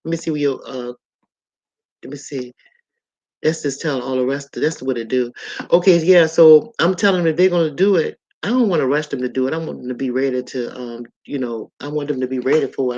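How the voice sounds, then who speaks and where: A woman's voice: very deep voice, steady tone, a little fast, mellow, lo-fi sound. A woman in her sixties hosting a casual live stream, chatting loosely with viewers and reading their comments out as she goes. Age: 60s.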